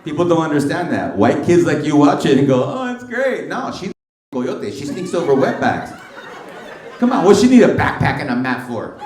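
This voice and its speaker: A man's voice: fairly high pitch, big pitch swings, moderate pace, a little mellow. A middle-aged male stand-up comedian doing brash, teasing crowd work with plenty of slang. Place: comedy club stage. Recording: roomy club sound from a distance. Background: audience laughter.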